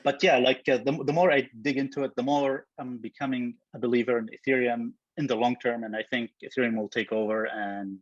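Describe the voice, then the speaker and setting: Man, husky voice, dry lo-fi call audio, thoughtful, lots of restarts. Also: medium pitch, steady tone, a little fast, hardly any pauses, dry recording. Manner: thoughtful, many fillers and restarts. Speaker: guest, software co-founder. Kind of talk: casual interview chat.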